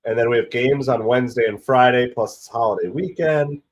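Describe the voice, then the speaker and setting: Hoarse man calling a game casually. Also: a little fast. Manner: rambling, excitable about pitches. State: hoarse from a cold, stuffy nose. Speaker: live stream host. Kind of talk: casual play-by-play chat.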